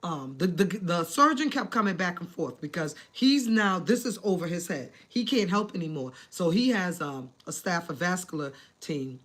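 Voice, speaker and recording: A woman vlogger telling a personal story to her viewers, animated and dramatic, acting out the people in it and chatting casually to her audience. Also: fairly low pitch, normal speed, few pauses. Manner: animated, dramatic retelling with acted quotes and asides to viewers; addresses viewers as family, casual slang. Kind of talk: emotional storytelling to camera.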